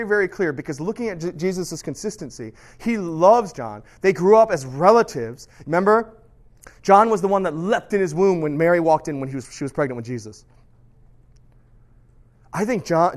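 High-voiced animated man preaching. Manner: animated, lively storytelling with sudden drops to soft tones. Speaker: pastor. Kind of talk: sermon.

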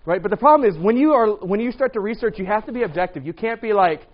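A man preaching a casual, lively sermon to a congregation, often asking "right?" and acting out what people say. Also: sits high, quick pace. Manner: lively, rhetorical, acts out quoted voices. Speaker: pastor. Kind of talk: sermon on dating and marriage. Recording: dull lo-fi recording.

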